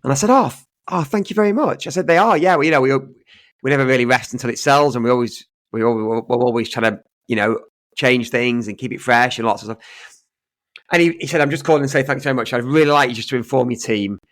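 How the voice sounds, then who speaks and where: A man's voice: mid-range voice, fast talker, a bit bright, no echo. A man co-hosting a casual podcast as an estate agent, telling stories and acting out both sides of the conversations.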